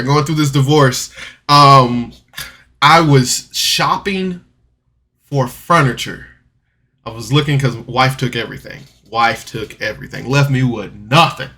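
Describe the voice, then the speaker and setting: A man vlogging a personal story, candid and rambling, doubling back with restarts and rueful laughs. His voice is bright and forceful, sitting at an ordinary pitch for a man. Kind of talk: casual personal storytelling to camera.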